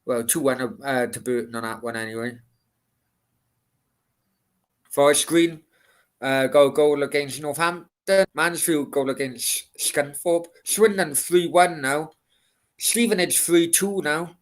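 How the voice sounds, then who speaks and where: A man in his forties in casual football chat, swearing and reading out scores in quick bursts. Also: a little high. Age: 40s.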